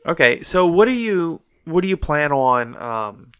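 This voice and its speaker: A man co-hosting a casual podcast chat, talking quickly and a little stuffed up from allergies. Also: a little high, very animated, smooth. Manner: quick, talkative, laughs easily. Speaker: podcast co-host. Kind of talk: casual chat about card games.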